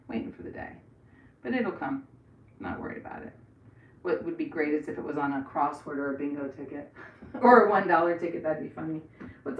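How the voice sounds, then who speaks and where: A woman's voice: on the low side, lo-fi sound, slight background noise. Middle-aged woman host, casual rambling live chat, heard from a little away in an echoey bathroom. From Florida. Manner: chatty, rambling, laughs often. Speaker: livestream host. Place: indoors in a bathroom. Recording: echoey room, voice from some distance.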